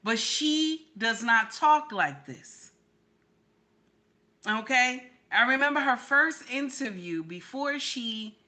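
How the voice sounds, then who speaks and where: Sassy woman reacting to a clip, bright sharp voice, a bit high. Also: lively intonation, slow pace. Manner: sassy, incredulous, repeats her points. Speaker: reaction commentator. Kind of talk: reaction commentary.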